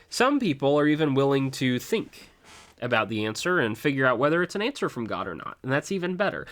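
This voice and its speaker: Man preaching, slow and questioning. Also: medium pitch, a bit bright. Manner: asks the listeners many questions, slowing down for emphasis. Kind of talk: sermon.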